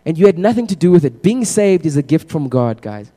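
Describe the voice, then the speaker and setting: A man's voice: a little high, a little fast. A young man, giving a casual, humorous testimony as a sermon to a congregation. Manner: casual, animated storytelling with humor. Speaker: preacher. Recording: echoey hall reverb.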